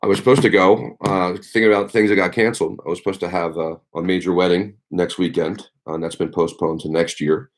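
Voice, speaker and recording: Deep-voiced rambling male teacher. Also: steady tone, fairly quick, hardly any pauses. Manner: rambling, full of ums and you-knows. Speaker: teacher hosting a livestream. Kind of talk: casual livestream chat.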